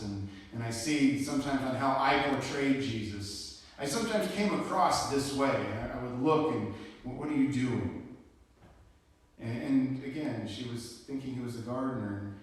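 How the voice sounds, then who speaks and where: A man preaching a sermon as pastor, telling the story in a conversational way with casual asides. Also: medium pitch. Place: church sanctuary. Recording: echoey church hall from far off.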